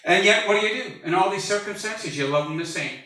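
A pastor in his early sixties preaches fast in a high, ringing, very bright voice, cracking jokes and building to shouts. He's recorded from far off in an echoey church sanctuary, so he sounds set back from the mic.

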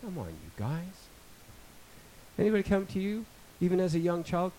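A man in his fifties preaching a sermon, rambling with joking asides and building to loud, emphatic passages. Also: high-pitched, wildly swooping pitch, moderate pace, pauses often, low-quality recording. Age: 50s.

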